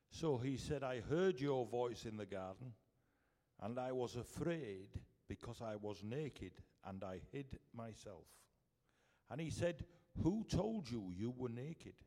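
A man with a Yorkshire accent reading scripture aloud, slowly and deliberately. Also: medium pitch, animated, warm tone. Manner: slow and deliberate. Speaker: scripture reader. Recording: echoey hall from far off.

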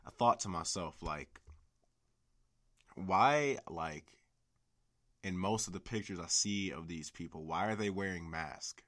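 This young podcast host has a low voice with a fairly bright tone. Alone on the mic, he rambles, swears often, and fills his casual rant with "like" and other fillers.

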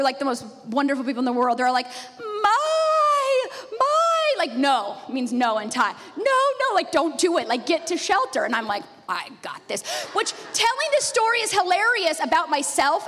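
Woman pastor, high voice, laughing storyteller, sermon, long church-hall reverb. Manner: lively storyteller with frequent laughs. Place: church sanctuary.

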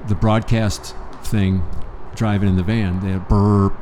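A man's voice: fairly low pitch, level tone, unhurried, warm tone. A man co-hosting a casual podcast, joking and crude, teasing his partner. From Pennsylvania, USA. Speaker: podcast co-host. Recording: faint background noise.

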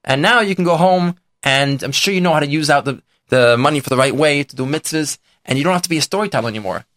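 A man's voice: a little high, fast, fairly bright tone, no echo, studio quality, close to an everyday voice. A man voicing a repentant rich man who confesses his past in an earnest, plain way. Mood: confessional. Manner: earnest, confessional first-person telling. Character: repentant rich man, former priest, older.

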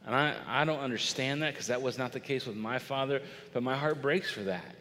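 A middle-aged man preaching a sermon in a lively, conversational way, acting out little bits of dialogue. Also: medium pitch, brisk, a little hiss or hum. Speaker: pastor. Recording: long reverb of a large hall.

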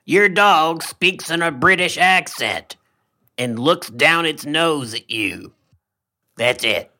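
A man co-hosting a comedy podcast in a deadpan, laid-back way. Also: a little high, slow. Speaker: podcast co-host. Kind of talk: casual comedic chat.

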